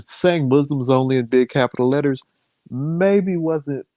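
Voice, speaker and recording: A man co-hosting a podcast, talking in a relaxed, rambling way, restarting his sentences often in casual opinion chat. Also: mid-range voice, a little slow, dry recording. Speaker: podcast co-host.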